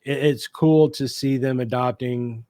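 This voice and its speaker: A man's voice: medium pitch, fairly even intonation, unhurried, dark tone, no echo. A man talking casually on a radio show about paranormal investigations, upbeat and rambling with many fillers. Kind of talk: casual chat.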